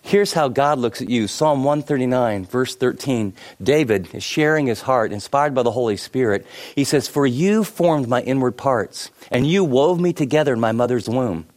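A middle-aged man preaching a sermon, telling stories with many asides and shifting between lively and hushed delivery. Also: medium pitch, normal speed, hardly any pauses. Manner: animated storytelling with many asides. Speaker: pastor.

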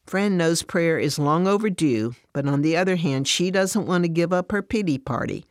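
A woman narrating a devotional story in a plain, steady way. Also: on the low side, moderate pace, few pauses, dry recording, clean studio sound.

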